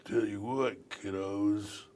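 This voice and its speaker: A man's voice: lowish voice, fairly even intonation, slow pace, slight background noise. A man doing a drawling old surfer dude. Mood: laid-back. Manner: drawling, mellow. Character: laid-back older male surfer uncle.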